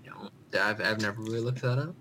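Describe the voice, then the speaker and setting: A man's voice: fairly low pitch, a little fast, sharp tone, slight background noise. A man co-hosting a casual podcast, answering quiz questions with self-deprecating jokes. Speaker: podcast co-host, quiz contestant.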